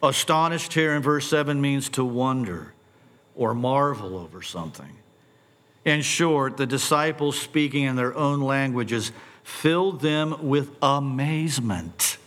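A middle-aged man preaching a sermon, posing animated rhetorical questions and stumbling over repeated words when excited. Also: medium pitch, unhurried. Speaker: pastor.

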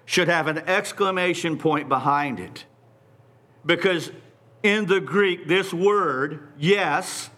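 Male preacher, fairly high voice, unhurried, emphatic sermon delivery. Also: bright, forceful tone. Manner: deliberate, emphatic, repeating phrases for stress.

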